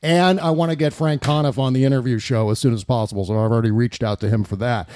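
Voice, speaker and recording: A man hosting a casual political talk podcast, sarcastic and quick to mock what he quotes. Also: mid-range voice, fairly even intonation, darkish tone, a little hiss or hum. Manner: sarcastic, mimics quotes in a mocking voice. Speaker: podcast host.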